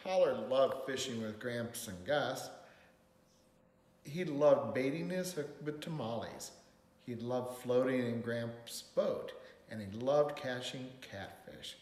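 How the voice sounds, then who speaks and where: A man reading a picture book aloud in an expressive, lilting way. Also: medium pitch, slow pace. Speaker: storyteller. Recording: roomy hall reverb.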